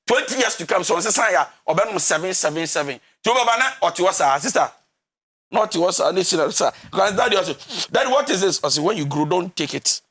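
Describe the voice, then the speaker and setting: A man's voice: high-pitched, animated, brisk, fairly bright tone, slightly rough. A man with a Ghanaian accent giving emphatic relationship counselling, preachy and often laughing. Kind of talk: animated counselling talk.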